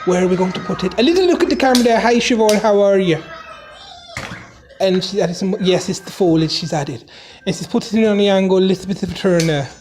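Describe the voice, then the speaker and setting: A man with a high-pitched, darkish voice talks fast, narrating a silent craft video in a put-on Irish accent as mock silent-movie voiceover. Amused and jokey, he gives wry running commentary, chuckles, and mutters "Jesus" a lot. There's a little hiss or hum, and his voice is close to everyday speech.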